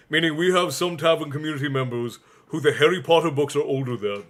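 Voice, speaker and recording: A man's voice: fairly high pitch, fast talker, hardly any pauses, a bit bright. A young man hosts a casual live-stream reading and drifts into chatty asides with his viewers. His talk is loose and joking, full of small laughs between lines of the story. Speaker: stream host and reader.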